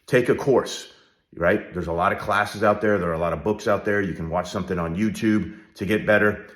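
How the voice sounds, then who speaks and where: A man's voice: low-pitched, fairly quick. A middle-aged man speaking straight to the viewer as a leadership coach, direct and coaching, often checking in with "all right?". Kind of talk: direct-to-camera advice talk. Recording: roomy echo.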